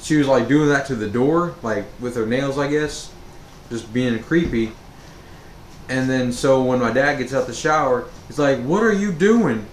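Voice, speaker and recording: A man's voice: mid-range voice, normal speed. A man telling a storytime monologue as a vlogger, rambling with many fillers and restarts. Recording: roomy echo with faint background noise.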